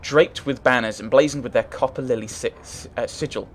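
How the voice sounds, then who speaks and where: A man's voice: medium pitch, brisk, a little hiss or hum. Hesitant man reading a game aloud. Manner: thinks aloud, hesitant, restarts often. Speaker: let's play gamer. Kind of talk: casual let's play commentary, reading game text aloud.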